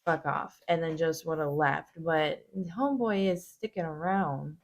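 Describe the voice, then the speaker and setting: A woman's voice: sits low, moderate pace, background noise. Blunt, foul-mouthed woman host. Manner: blunt, heavy swearing. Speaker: reaction video host. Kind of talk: casual profane commentary.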